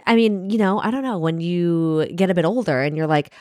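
A woman's voice: on the low side, brisk, a little mellow, no room sound, clean studio sound. A woman co-hosting a podcast in casual chat, talking frankly and playfully. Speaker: podcast co-host.

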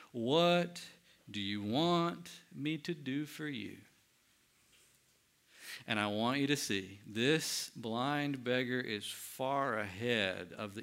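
A man preaching a sermon, swinging between loud emphatic lines and hushed, quiet ones. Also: medium pitch, clean tone. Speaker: pastor.

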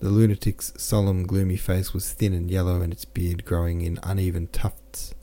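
Deep mellow guy reading a classic novel, steady and unhurried, fixes the odd slip. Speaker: audiobook narrator. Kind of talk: scripted narration.

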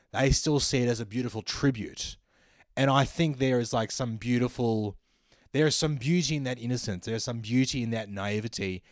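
A man's voice: mid-range voice, a little mellow, no echo, studio quality. An Australian man, a comedian hosting his podcast, talking through a wry, musing monologue and correcting himself as he thinks aloud. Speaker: comedian host.

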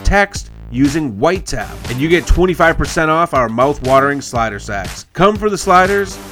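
A man's voice: on the high side, lively intonation, moderate pace, fairly bright tone, soft background music. A man reading a parody commercial in an upbeat, salesy announcer manner. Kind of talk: parody ad read.

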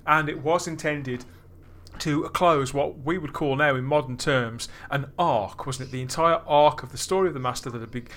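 A man interviewing guests, asking measured, knowledgeable questions. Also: mid-range voice, a bit bright.

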